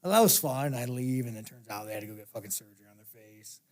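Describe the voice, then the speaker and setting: A man's voice: medium pitch, expressive, fast talker. A man as an interview guest, telling stories in a blunt, profane, casual way and laughing as he talks.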